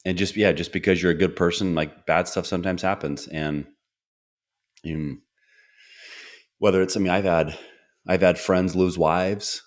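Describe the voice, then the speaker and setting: A middle-aged man with a low-pitched voice hosts a relaxed podcast conversation. He talks earnestly and slips into short acted-out lines of dialogue while telling stories about his family. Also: normal speed, long pauses. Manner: earnest, storytelling, acts out quoted dialogue. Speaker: podcast host. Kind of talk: casual conversational interview.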